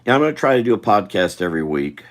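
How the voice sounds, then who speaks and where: Gravelly deep-voiced man chatting while drawing. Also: sing-song, very fast. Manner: chatty, thinking aloud, talks to chat viewers. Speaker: artist drawing live for viewers. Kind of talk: casual rambling chat while drawing.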